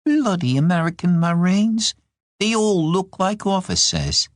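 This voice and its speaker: A proud, sharp-tongued young widow who snaps and bristles, voiced by a man narrating an audiobook, her pitch swooping lively. She speaks slow and deliberate in a dry, close sound. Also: no echo. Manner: curt, exasperated, quick to snap. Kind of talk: audiobook character voice.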